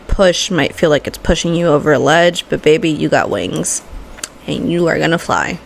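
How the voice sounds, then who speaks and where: A woman's voice: deep voice, gravelly, a little hiss or hum. A woman hosting a makeup vlog, giving a heartfelt, emotional motivational talk with casual swearing. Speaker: vlogger and makeup host.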